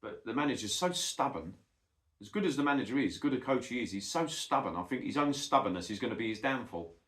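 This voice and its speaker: A man's voice: medium pitch, lively intonation, quick pace, fairly bright tone. Middle-aged man, blunt sweary rant, echoey room. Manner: blunt and sweary, says "mate" often. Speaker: football vlogger. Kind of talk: casual ranting monologue.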